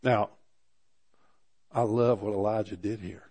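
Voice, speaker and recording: A man preaching a sermon, animated and rising in pitch for emphasis, often restarting his phrases. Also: a little slow. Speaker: pastor.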